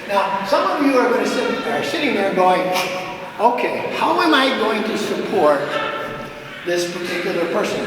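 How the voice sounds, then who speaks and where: A man preaching a sermon, telling a story with lively gestures and often checking in with his listeners. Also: high voice, a little hiss or hum. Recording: echoey hall, mic far off.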